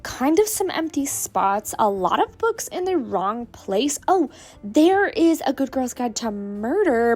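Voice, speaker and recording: In a voiceover recorded at home after a shopping trip, a woman narrates her casual book-haul vlog on a voiceover mic, with soft music playing behind her. Her high voice moves a little slowly and sounds slightly sick from a cold, but she stays chatty and upbeat, letting out excited gasps.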